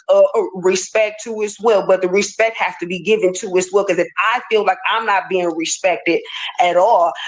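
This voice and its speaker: A woman's voice: medium pitch, rough recording. A woman being interviewed, speaking emphatically and often repeating herself. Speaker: interview guest. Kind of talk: interview conversation.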